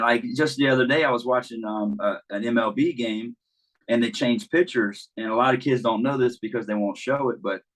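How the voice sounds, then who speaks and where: A man's voice: medium pitch, poor audio. A man who coaches baseball, chatting casually and telling stories in a laid-back way with plenty of fillers. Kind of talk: casual podcast chat.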